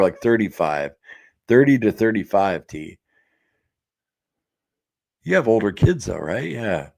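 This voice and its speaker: A man hosts a diet support live stream from his home office in a lowish, creaky, slightly mellow voice with big pitch swings. He keeps it casual, reading viewer comments aloud amid relaxed fillers and quick laughs.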